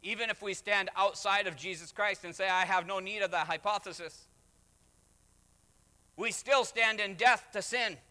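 High, bright-voiced preacher in a hall. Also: male voice, moderate pace. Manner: emphatic, with acted asides and rising refrains. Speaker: pastor. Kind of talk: sermon. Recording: reverberant hall.

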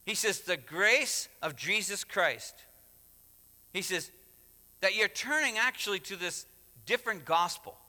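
A man's voice: high-pitched, unhurried. Emphatic preacher man in a reverberant hall. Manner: emphatic, rising to loud exhortation. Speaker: pastor. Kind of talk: sermon.

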